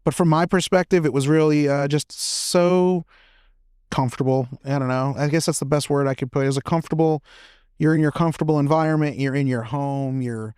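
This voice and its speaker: Animated, laughing man telling stories. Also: on the high side, brisk, clean tone, dry recording, studio quality. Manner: animated, laughs often, lots of fillers like "man" and "you know". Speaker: podcast guest. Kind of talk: casual chat, storytelling.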